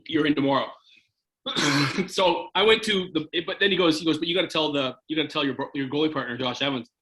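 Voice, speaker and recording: Bright-voiced Canadian man telling a story. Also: roomy sound, poor audio. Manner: animated, acts out quotes with jumps in pitch. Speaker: former hockey goaltender telling a story. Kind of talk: casual storytelling in an interview.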